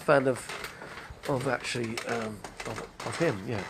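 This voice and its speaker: Gravelly, chatty man. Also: mid-range voice, a little slow, noisy background. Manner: chatty, digressive, name-dropping. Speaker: live-stream host. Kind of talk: rambling casual monologue.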